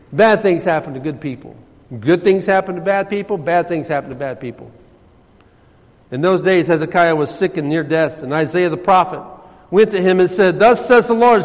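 A man preaching a sermon as pastor, swinging between loud emphasis and soft, hushed passages. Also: sits high, in a large hall.

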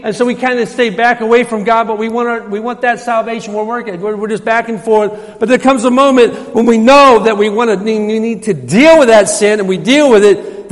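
A man preaching a sermon in a church, emphatic and repetitive, his voice rising when he quotes scripture. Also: very high-pitched. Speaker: pastor. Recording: hall reverb.

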